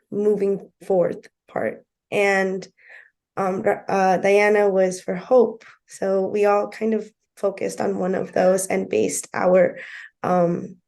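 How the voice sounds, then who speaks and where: A woman co-host reads her poem in a slow, deliberate cadence. Her voice is gravelly and dark, and it stays fairly level in pitch. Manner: slow, deliberate poetry reading. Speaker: podcast co-host. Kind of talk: co-hosting and reading her own poem aloud.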